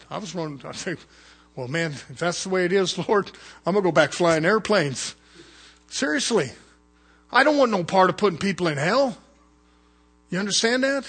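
A man preaching a fervent sermon as pastor, swinging between loud urgent calls and hushed low asides. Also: breathy edge.

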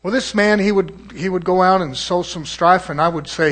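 A man's voice: a little high, steady tone, fairly quick, a bit bright. A man preaching a sermon in an emphatic, confrontational way, chuckling between points.

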